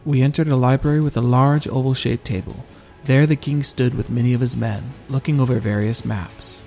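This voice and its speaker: A man narrating a first-person audiobook in a steady, measured reading. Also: mid-range voice, gravelly, soft background music.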